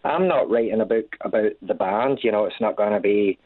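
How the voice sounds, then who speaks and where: A Scottish man in his thirties, a guest in a casual interview, talking haltingly with many restarts. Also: lowish voice, no echo. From Scotland. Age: 30s. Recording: tinny phone-like line.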